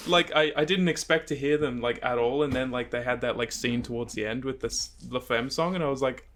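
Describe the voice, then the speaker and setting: A young man with an ordinary mid-range voice co-hosts a relaxed podcast. He talks with eager enthusiasm, cursing casually and agreeing quickly. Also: medium pitch, a little hiss or hum. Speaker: podcast co-host. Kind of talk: casual chat.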